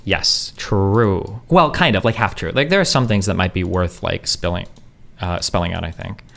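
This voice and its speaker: A man's voice: low-pitched, creaky, a bit bright. A man in a casual, rambling monologue, answering chat questions and swearing freely, with constant fillers. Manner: rapid, profane, heavy on fillers like "like" and "um".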